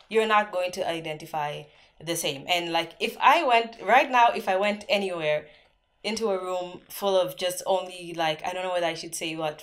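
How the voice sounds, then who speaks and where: A young woman from Zambia chatting on camera in a casual Q&A vlog, telling stories with lots of "like" fillers. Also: on the low side. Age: young adult. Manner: chatty storytelling, many "like" fillers. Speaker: vlogger.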